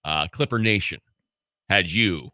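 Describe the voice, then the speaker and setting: A man co-hosting a sports radio show in a studio, joking around and teasing his partner with quick jabs. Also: low voice, sharp tone, dry recording. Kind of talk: casual sports radio banter.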